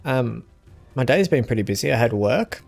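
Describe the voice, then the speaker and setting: A young man streaming a game and chatting casually with viewers in a relaxed, easygoing way. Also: mid-range voice, moderate pace, vocal fry, faint music behind. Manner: relaxed, chatty, answers chat with small laughs. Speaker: gaming streamer.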